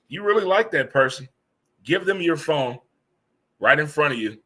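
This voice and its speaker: Guy in his 50s doing a live midday chat show, bright voice, laughs a lot, jokey. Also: fairly high pitch, normal speed. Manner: laughs easily, animated and joking. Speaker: host.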